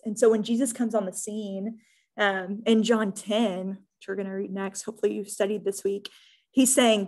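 A woman's voice: medium pitch, little pitch movement, moderate pace. Earnest young woman teaching Bible study. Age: young adult. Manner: casual and earnest, many "um"s and "right?"s.

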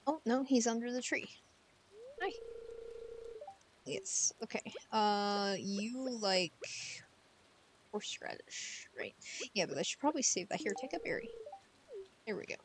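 A woman's voice: on the high side, lively intonation, unhurried, pauses often, noisy background. A woman streamer chatting casually over gameplay, giggling and talking to the game's characters from a room at home.

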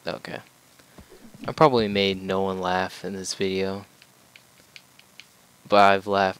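Low, unhurried man joking through a game. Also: fairly bright tone, poor audio. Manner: joking, rambling, talks to the game. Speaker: let's play gamer. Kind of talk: casual gameplay commentary.

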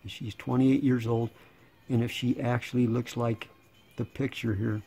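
A man in his sixties, rambling and sarcastic in a casual monologue, slightly hoarse. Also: mid-range voice, level tone, unhurried, dark tone. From United States. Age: 60s. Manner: sarcastic, rambling, laughing between lines. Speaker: channel host.

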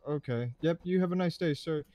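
A man's voice: on the high side, fast, warm tone. A man roleplaying a sheriff's deputy in a game, talking hesitantly with lots of fillers and restarts.

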